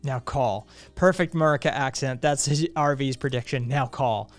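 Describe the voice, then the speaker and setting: A man's voice: medium pitch, moderate pace, faint music behind. A man hosting a live stream, chatting casually, reading viewer comments aloud, blunt and profane with sarcastic laughs.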